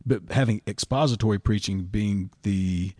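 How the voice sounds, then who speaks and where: A man's voice: on the low side, moderate pace, a little mellow, dry recording, clean studio sound. A man, a pastor chatting casually in a discussion, telling stories in a folksy way and often repeating words as he starts a thought.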